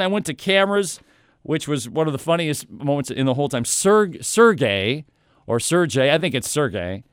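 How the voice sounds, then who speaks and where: A man recounts a story in a loose, animated monologue, tossing in playful asides. His voice sits a little high for a man and sounds smooth and resonant. The recording is close and dry. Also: no room sound.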